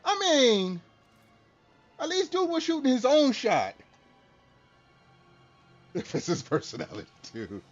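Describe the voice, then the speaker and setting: A man with a very high voice and wildly swooping pitch takes his time, pausing often as he chats with his stream's viewers mid-game. He jokes, laughs, and swears freely, and the dull lo-fi audio carries faint music.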